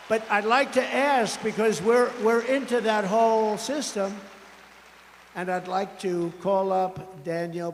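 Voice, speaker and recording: A man's voice: on the high side, vocal fry, a little hiss or hum. A man giving a campaign rally speech as a politician, rambling and emphatic, often repeating himself. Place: large rally venue. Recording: long hall reverb at a big rally.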